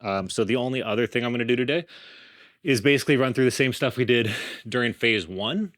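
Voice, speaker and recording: A man's voice: medium pitch, brisk, dry recording. A man from a dog rescue, casually explaining a dog's behavior while handling him outdoors. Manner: relaxed, explanatory, coos at the dog.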